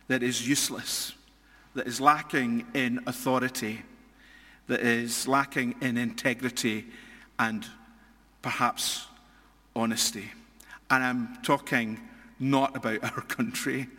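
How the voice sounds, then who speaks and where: A man's voice: mid-range voice, sharp tone, big-room sound. A Scottish man preaching a sermon, earnest and emphatic, often repeating and restarting phrases as he builds a point. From Scotland.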